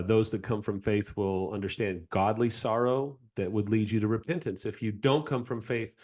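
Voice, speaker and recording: A man co-hosting a podcast, speaking earnestly and directly to his listeners. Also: mid-range voice. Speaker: podcast co-host. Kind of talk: podcast discussion.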